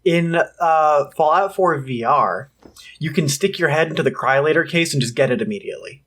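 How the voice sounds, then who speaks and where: A man co-hosting a casual podcast, relaxed, chiming in with fun facts and short replies. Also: on the high side, normal speed, breathy edge. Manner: relaxed, offers fun facts, admits he can't do accents. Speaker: podcast co-host.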